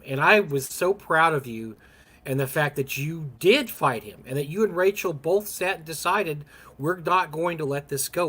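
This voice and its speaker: Husky guy on a stream, earnest and supportive. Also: fairly high pitch, pushed and bright. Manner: earnest, supportive, some stumbling restarts. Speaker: co-host. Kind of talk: casual livestream chat.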